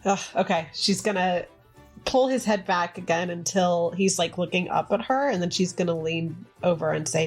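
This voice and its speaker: Dry, low-voiced woman player. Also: moderate pace, breathy edge, faint music behind. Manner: dry, wry. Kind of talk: tabletop role-play.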